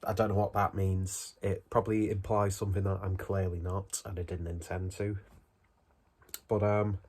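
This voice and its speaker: A man's voice: low-pitched, little pitch movement, normal speed, darkish tone, breathy edge. A man, still out of breath from a cold, chatting his way through a casual beer review at home in a rambling, self-deprecating manner.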